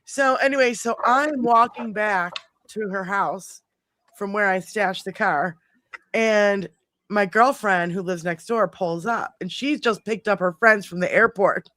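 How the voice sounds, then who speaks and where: A middle-aged woman hosting a podcast, telling a long story in a casual, animated way, swearing freely and rambling. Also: mid-range voice, unhurried, no room sound. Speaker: podcast host.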